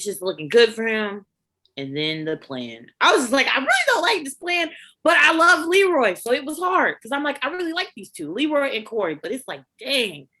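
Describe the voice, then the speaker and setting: A woman co-hosting a casual review chat, expressive and laughing often. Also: medium pitch. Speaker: co-host reviewing a reality show.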